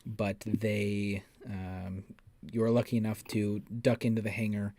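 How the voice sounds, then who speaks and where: Slow, measured male game master. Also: lowish voice, flat delivery, warm tone, no echo. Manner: measured, describes scenes in second person. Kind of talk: narrating a tabletop role-playing game.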